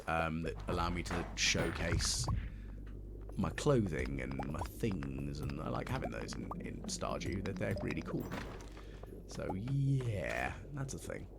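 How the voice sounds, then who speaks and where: A gaming channel host in his late 30s gives casual let's play commentary on a farming game, rambling, musing and mocking himself with plenty of ums. His voice is extremely low and gravelly, heard over a noisy background.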